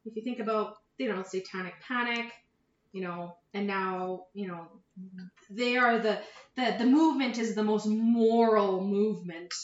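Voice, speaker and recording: A woman's voice: mid-range voice, measured pace, dull audio. Blunt woman co-host in an echoey room. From Canada. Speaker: podcast co-host. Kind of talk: casual chat.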